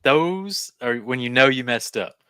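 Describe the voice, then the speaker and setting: A man co-hosting a podcast, talking casually about his detailing work in a relaxed, rambling way. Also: mid-range voice, a little slow, clear, resonant tone, dry recording, studio quality. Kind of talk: casual chat.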